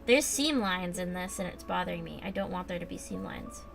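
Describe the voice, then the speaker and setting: Over faint background music, a young American streamer rambles while assembling a model kit, reading chat out loud and using lots of fillers. She has a lowish, creaky, expressive voice and talks a little fast.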